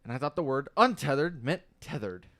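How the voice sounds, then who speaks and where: A man's voice: medium pitch, lively intonation, brisk, fairly bright tone. A young man, son of the host, telling stories on himself in a sheepish, self-mocking way in casual chat. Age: young adult.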